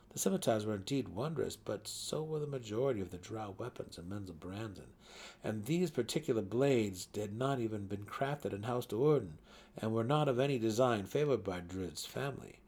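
A man giving a dramatic reading of a fantasy novel, swelling louder and sinking to hushed tones, with a husky voice. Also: on the low side. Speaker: audiobook narrator.

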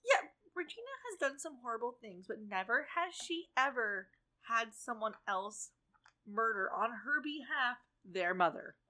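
Woman cohost, voice goes all over the place, lively, cusses for emphasis. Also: a little high, normal speed. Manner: emphatic and profane, jumps in on her co-host. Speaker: podcast co-host. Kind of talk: casual chat recapping a TV episode.

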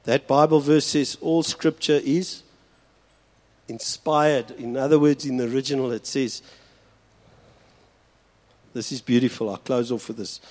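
Pastor preaching slowly. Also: male voice, medium pitch, steady tone, mellow. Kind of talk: sermon. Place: church hall.

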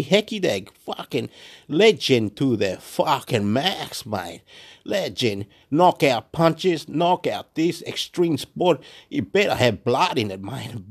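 A man from Chile, a native Spanish speaker living in Australia, rambles excitably and profanely in a monologue, repeating words and bursting into chants. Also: medium pitch. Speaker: vlogger. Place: Wollongong, Australia.

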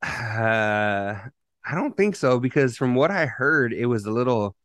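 A man's voice: medium pitch, lively intonation, unhurried, fairly bright tone, dry recording, studio quality. A man co-hosting a casual podcast, telling loose stories packed with profanity and restarts. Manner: loose, profanity-heavy storytelling with rambling restarts. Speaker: podcast co-host. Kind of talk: casual chat.

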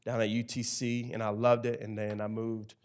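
A man in his thirties from Tennessee, a campus ministry director and chaplain, telling his personal testimony in conversation with emphatic, animated storytelling. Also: fairly low pitch, moderate pace.

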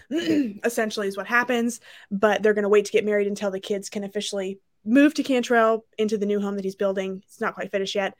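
A woman co-hosting a book podcast, retelling the plot in casual chat and acting out the characters in quick, animated voices. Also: mid-range voice.

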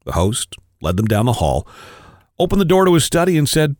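A man, a podcast co-host, reading an erotic story aloud with expressive, varied delivery. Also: fairly high pitch, a little fast, dry recording, clean studio sound.

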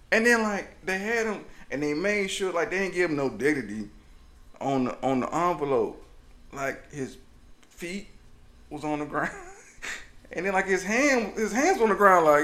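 A man's voice: sits high, lively intonation, normal speed, pauses often, sharp tone. A man telling a comic story on a podcast as co-host, rambling and laughing often.

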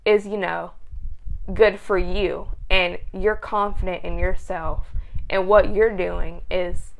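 A woman's voice: on the low side, steady tone, slow, creaky. A young woman hosting a casual advice show, rambling with frequent restarts. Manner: rambling, restarts, laughs easily. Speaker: host.

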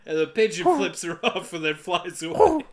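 A man in his thirties with a fairly high speaking voice casually recaps a film for laughs. He chuckles often and drops into quick character voices as he goes. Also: big pitch swings. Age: 30s. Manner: laughs often, jokey retelling with quick put-on quotes. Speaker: podcast co-host. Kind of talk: casual comedic movie recap.

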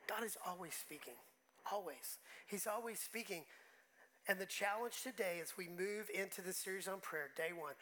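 A man's voice: sits high, bright, forceful tone, rough recording. A man preaching a sermon as pastor, talking conversationally and emotionally, often restarting his words.

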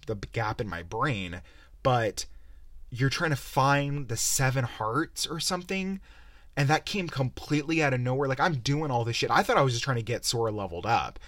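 A man's voice: mid-range voice, a bit bright, no echo. A young man hosting a podcast, giving a profane, exasperated, rambling game review on a close mic. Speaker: podcast host. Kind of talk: casual game-review rant.

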